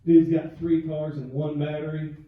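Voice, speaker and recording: A man's voice: on the high side, flat delivery, moderate pace, distant mic. Man doing stand-up in a club. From American South. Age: middle-aged. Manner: storytelling, punchy delivery with comic voices. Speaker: stand-up comedian. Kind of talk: stand-up comedy set. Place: comedy club stage. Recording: echoey club with crowd noise, lo-fi. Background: audience laughter.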